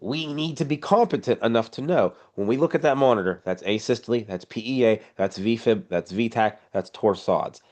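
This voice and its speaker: Low-voiced man, blunt no-nonsense instructor, casual and emphatic, video call. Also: normal speed, few pauses, a little mellow. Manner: blunt, informal, emphatic teaching. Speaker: EMS instructor. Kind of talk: casual online class lecture.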